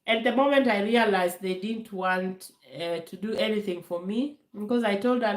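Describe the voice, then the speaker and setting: A woman telling stories in a casual live Q&A, animated and full of fillers, acting out voices when she quotes people. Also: mid-range voice, normal speed. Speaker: vlogger answering viewer questions. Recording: echoey room.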